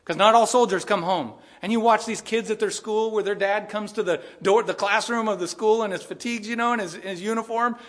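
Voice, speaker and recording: A man preaching a sermon as pastor, earnest and conversational, with asides and soft chuckles. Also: high-pitched, a little fast, few pauses.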